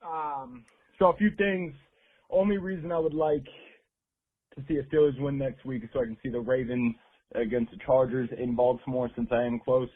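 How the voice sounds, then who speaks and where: A man leaving an excited, profanity-laced voicemail as a sports fan caller. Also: mid-range voice, normal speed, slightly rough. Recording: tinny phone voicemail.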